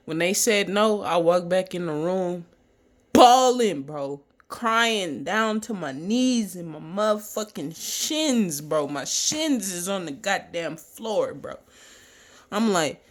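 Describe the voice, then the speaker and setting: A young man casually telling a personal story, profane and animated, acting out the people he quotes. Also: sits high, slow.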